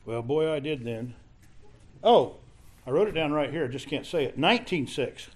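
A man teaching a Bible study lesson in a halting, conversational way, often restarting his sentences. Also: on the high side, expressive.

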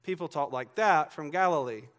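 An earnest man preaching a verse-by-verse sermon, his voice pitched a little high for a man. A faint Southern accent from Georgia still colors his words. He presses hard on repeated lines and breaks off for asides to the congregation. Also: normal speed, a bit bright. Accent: Southern US, faded. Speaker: pastor. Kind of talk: expository sermon.

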